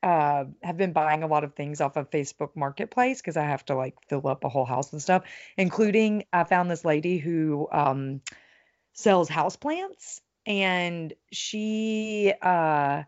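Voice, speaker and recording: A woman's voice: low-pitched, measured pace, dull audio. A woman co-hosting a podcast, chatting casually with lots of fillers and giggles. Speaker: podcast co-host. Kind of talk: casual chat.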